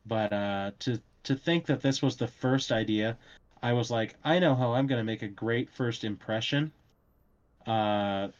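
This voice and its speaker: Low-voiced rambling man with lo-fi sound. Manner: rambling, self-mocking storytelling with frequent fillers. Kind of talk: casual chat.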